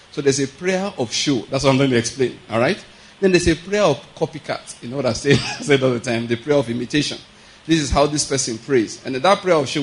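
A man preaching in a relaxed, conversational way, with a middle-pitched voice. He often stops to ask whether the listeners follow, and laughs lightly as he teaches. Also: rough recording. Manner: conversational teaching with frequent check-ins and chuckles. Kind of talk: sermon.

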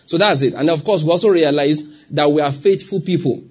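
A man's voice: a little high, brisk, breathy edge. A man with a Nigerian accent preaching a sermon to a congregation, acting out short scenes and asking them questions as he goes. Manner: animated, acts out little scenes and asks the congregation questions. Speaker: pastor.

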